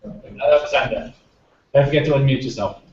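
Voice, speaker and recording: A man's voice: medium pitch, brisk, a little mellow. A man hosting an online science panel on a video call, friendly and prompting speakers in turn. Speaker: panel moderator. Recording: echoey, distant, dull lo-fi call audio.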